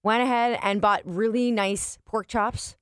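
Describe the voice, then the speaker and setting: A woman's voice: medium pitch, measured pace, clear, resonant tone, no room sound. A woman co-hosting a radio show, telling a story in casual banter with lots of laughter and acted-out voices. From Canada. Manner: animated, laughs often, acts out voices in her stories. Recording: dry studio sound.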